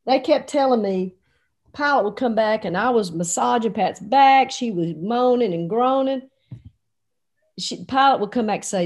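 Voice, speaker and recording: A woman telling a lively personal story, acting out the voices of the people in it. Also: on the high side, measured pace. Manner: animated, acts out quoted voices. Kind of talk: casual anecdote.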